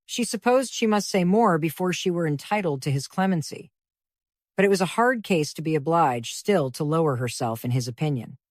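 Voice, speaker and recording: A woman narrating a classic novel in a measured, even reading voice. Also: low voice, no room sound, studio quality.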